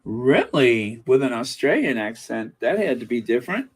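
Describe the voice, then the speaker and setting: A man's voice: medium pitch, very animated, normal speed, slightly rough. A man hosting a casual live stream, chatting in a musing way and reading out viewer comments, with many fillers and restarts.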